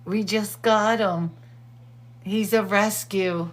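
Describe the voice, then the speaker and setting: A middle-aged woman hosting, chatting with friends in a casual, excitable way and laughing often. Her talk is unhurried and drawn out. Her pitch sits in the middle of the range. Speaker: host. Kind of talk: casual chat.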